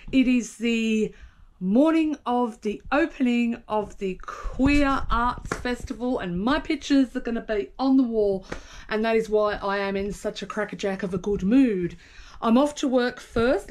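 A woman vlogging to her phone camera, excited and gushing, swearing freely. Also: fairly high pitch. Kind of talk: casual vlog to camera.

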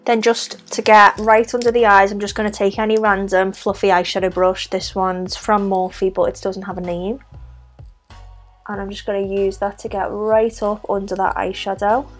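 A woman's voice: medium pitch, level tone, normal speed, soft background music. A young woman with a Scouse accent, chatting her way through a makeup tutorial step by step. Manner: chatty, talks through each step while applying makeup. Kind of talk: casual makeup tutorial narration.

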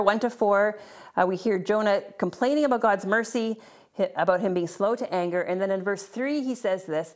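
A woman teaching a Bible class, explaining scripture in an earnest way and reading verses aloud, with a few restarts along the way. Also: mid-range voice.

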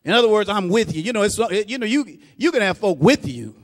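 High-voiced man preaching in a reverberant church. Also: big pitch swings. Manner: preaching with repeated "praise God" interjections; swells louder and slower on key lines, drops low and soft for asides. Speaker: pastor. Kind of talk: sermon.

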